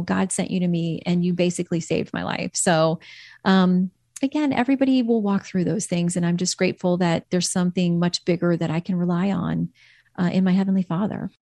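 A woman's voice: on the low side, fairly even intonation, brisk, warm tone, no echo. A woman earnestly telling a personal faith story as a podcast guest, quoting her own prayers.

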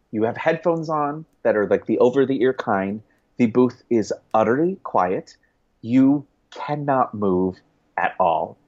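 A man, a guest author, chatting casually in an interview, rambling with restarts and quick laughs. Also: medium pitch, darkish tone. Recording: dull lo-fi sound.

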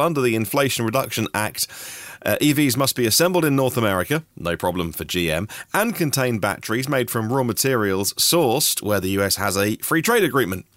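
A man's voice: medium pitch, a bit bright, dry recording, clean studio sound. A man from Norfolk hosting a daily news podcast, reading through stories in a chatty way with personal asides. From Norfolk, England. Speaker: podcast host.

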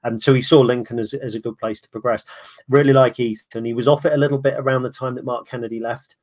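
On a casual podcast, a male guest who supports the opposing club chats away, restarting his sentences often and laughing easily. His voice is medium-pitched, fast and a little mellow, with fairly even intonation.

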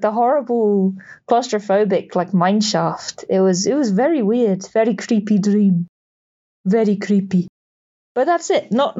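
A woman's voice: fairly high pitch, darkish tone, highs cut off. A woman, a podcast co-host, recounting a dream on a voice memo, rambling with many fillers. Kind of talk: recorded dream account.

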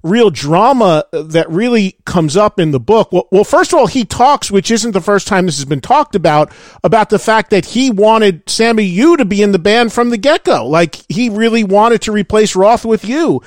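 A man's voice: high voice, expressive, moderate pace, no echo, studio quality. A man hosting a radio interview, talking as an enthusiastic fan and telling stories with animation. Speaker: radio host. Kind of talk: casual interview chat.

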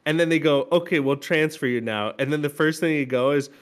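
A man's voice: fairly high pitch, brisk. A man co-hosting a podcast in casual chat, joking and acting out both sides of phone calls. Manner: joking, acts out phone exchanges. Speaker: podcast co-host.

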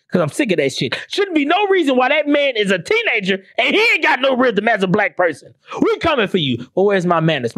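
Recorded dry with clean studio sound, a woman hosts her own podcast and delivers a profane rant. She's blunt and sarcastic, piling on swearing and rhetorical questions while swinging between high exclamations and low, dropped asides.

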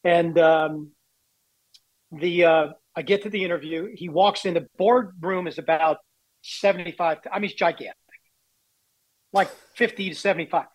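Brief: man, 60s, raised-pitch voice, candid anecdotal storyteller, dry close sound. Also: normal speed, pauses often, no room sound, poor audio. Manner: candid, self-deprecating anecdotes. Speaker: baseball executive guest. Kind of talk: storytelling interview.

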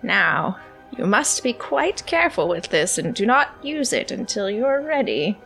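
Woman voicing a gravelly, cryptic old hermit woman, fussy about her hut. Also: medium pitch, sing-song, a little slow, fairly bright tone, soft background music, full character voice.

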